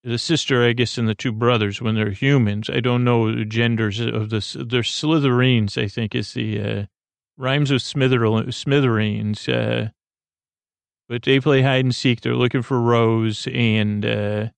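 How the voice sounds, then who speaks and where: A man hosting a podcast, recapping an episode in a halting, rambling way with many fillers and restarts. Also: medium pitch, fairly even intonation, creaky, clear, resonant tone, no room sound. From United States. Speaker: podcast host.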